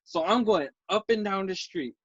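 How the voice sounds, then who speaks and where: Animated man telling a story, bright dry sound. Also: sits high, moderate pace, slightly rough, dry recording, lo-fi sound. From San Francisco. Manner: animated, acts out his own lines, swears freely. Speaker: podcast guest. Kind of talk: casual storytelling.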